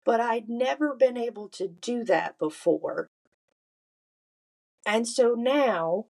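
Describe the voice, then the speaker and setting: Candid woman with a gravelly voice. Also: mid-range voice, darkish tone. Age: adult, married. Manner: candid, confessional, with many restarts and fillers. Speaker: podcast host. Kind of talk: personal storytelling monologue.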